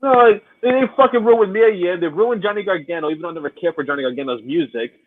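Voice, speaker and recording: A man's voice: sits high, fast talker. A man co-hosting a casual podcast by remote call, ranting and swearing freely. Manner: profane, ranting. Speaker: podcast co-host. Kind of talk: casual chat. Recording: tinny phone-like line, dry.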